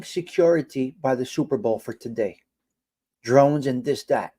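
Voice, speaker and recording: A man's voice: unhurried, mellow, slightly rough. An older man hosting a casual live stream, given to exasperated, incredulous rants. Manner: exasperated, incredulous rants that jump high in pitch. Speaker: livestream host.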